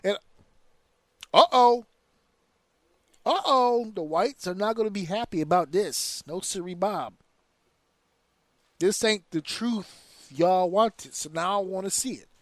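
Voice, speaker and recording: A man hosting a casual podcast, ranting in an animated, profane way. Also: sits high, measured pace, dry recording. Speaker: podcast host.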